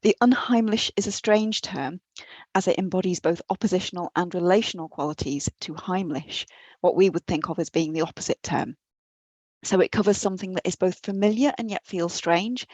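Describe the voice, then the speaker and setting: A woman delivers an academic lecture in a low voice, earnest and a little self-deprecating, now and then restarting a phrase. The sound is dry and close, as if recorded at her computer. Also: moderate pace, darkish tone, dry recording, poor audio. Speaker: guest lecturer. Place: her office at home or work, on a computer.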